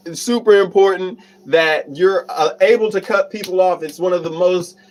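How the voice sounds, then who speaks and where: A man with a slightly high voice hosts a casual livestream. He gives motivational advice about cutting off draining people, full of fillers and restarts. He often stops to read and answer viewer comments. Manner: reads viewer comments aloud and laughs often. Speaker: livestream host, self-help talk.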